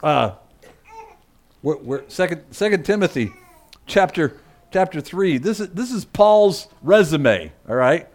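A man preaching a sermon in a voice pitched slightly high. He hammers points home through repeated phrases, then drops into low muttered asides to his congregation. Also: sing-song, measured pace. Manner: emphatic and repetitive, swinging between loud preaching and muttered asides. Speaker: pastor.

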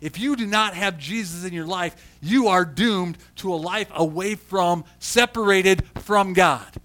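Preaching as a pastor, a man with a high-sitting voice keeps a measured pace. He shifts between quiet storytelling and loud emphasis, often repeating words as he restarts.

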